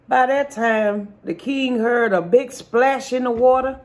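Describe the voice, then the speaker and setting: A woman vlogger and comedian telling a joke while she eats at home. She is half asleep but tells the story in an animated way and laughs often. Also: a little high, a little slow.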